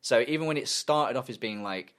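A man's voice: medium pitch, brisk, a bit bright. A young man co-hosting a podcast, telling a long story in loose casual chat and swearing freely. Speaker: podcast co-host.

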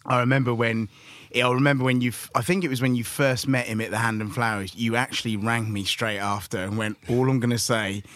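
A man from England hosting a podcast, keeping it relaxed with short prompts and a recalled story. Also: mid-range voice, a little fast, no echo. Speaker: podcast host. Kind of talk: casual interview chat.

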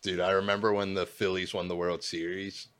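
A man's voice: low voice, little pitch movement, brisk, a bit bright. A man with a Philadelphia accent, telling laid-back stories in a casual podcast chat.

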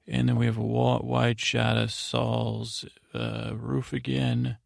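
A man's voice: medium pitch, completely flat delivery, slow pace, creaky, no echo, clean studio sound. A man hosting a sleep podcast, giving a meandering recap full of fillers and restarts. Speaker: podcast host.

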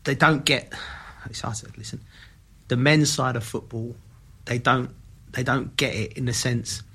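Gravelly man. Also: mid-range voice, unhurried. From Kentish Town, London. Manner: lively storyteller who acts out quoted dialogue. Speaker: podcast co-host, former footballer. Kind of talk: casual podcast chat.

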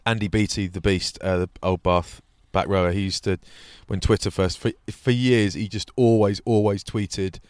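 A man, co-hosting a podcast and telling casual, animated anecdotes. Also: fairly low pitch, moderate pace, few pauses, clear, resonant tone, dry recording. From England. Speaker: podcast co-host. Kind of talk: casual chat.

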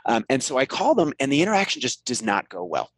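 A man, a professor being interviewed, speaking in a lively, conversational way with frequent ums and restarts as he tells a story and explains his research. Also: mid-range voice, quick pace, no room sound, poor audio. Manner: animated storyteller with many fillers and restarts. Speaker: guest, marketing professor.

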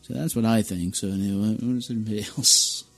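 A man's voice: lowish voice, fairly even intonation, a little fast, faint music behind. A man hosting a casual album-review podcast, rambling and often restarting or repeating his words. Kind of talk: casual chat.

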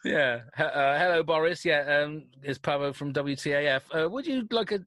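A man's voice: fairly high pitch, moderate pace, hardly any pauses, fairly bright tone, no echo. A British man co-hosting a radio show, reading listener questions and rambling through them with self-corrections and chuckles. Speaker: radio co-host.

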